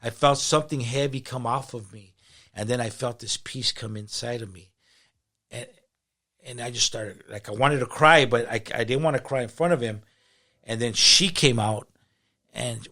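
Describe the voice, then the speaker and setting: Creaky-voiced man telling a story. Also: medium pitch, moderate pace. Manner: animated, slangy storyteller. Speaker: pastor and podcast guest. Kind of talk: casual storytelling interview.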